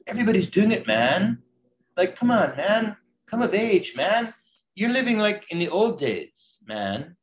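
A man's voice: on the low side, big pitch swings, normal speed, darkish tone, slight background noise. An older man putting on the voice of a pushy, laid-back male hippie who ends every phrase with "man.". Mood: coaxing. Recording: dull lo-fi recording.

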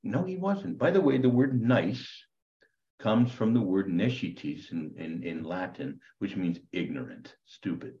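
A man, a priest, teaching a Bible class over a video call in an animated, preachy way with quick asides. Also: low-pitched, roomy sound, muffled recording. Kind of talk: online class lecture.

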